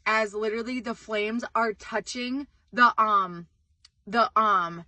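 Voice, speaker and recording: A young woman hosting a casual vlog, telling a story with lots of "like"s and excited outbursts. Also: fairly high pitch, a little slow, no room sound. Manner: excitable, animated, screams in retold moments, many "like"s. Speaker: vlog host.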